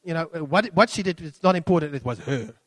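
A middle-aged man preaches with a high voice that leaps up and drops low as he acts out the people he quotes. The sound is close and dry, with no room around it. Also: fast talker, no echo. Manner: animated, acts out quotes with big pitch swings. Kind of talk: sermon.

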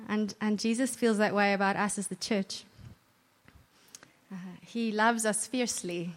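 A woman's voice: mid-range voice, steady tone, measured pace. A woman giving an earnest, conversational church talk, often restarting her sentences. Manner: earnest, warm conversational preaching with self-corrections. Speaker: church speaker. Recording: long hall reverb.

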